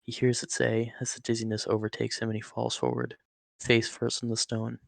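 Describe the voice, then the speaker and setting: Gravelly man narrating a story. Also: medium pitch, brisk, dry recording. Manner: steady, plain reading with occasional slips. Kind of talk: read-aloud story narration.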